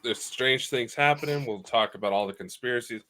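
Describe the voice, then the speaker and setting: A man's voice: medium pitch, fairly quick, bright, forceful tone. A man co-hosting a podcast in an easygoing, conversational way. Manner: easygoing, conversational, plugs friends' channels. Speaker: podcast co-host. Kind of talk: casual chat.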